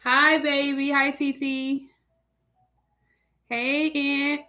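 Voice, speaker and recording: A woman's voice: high-pitched, little pitch movement, very slow, pushed and bright. Chatty woman greeting livestream viewers. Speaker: livestream host.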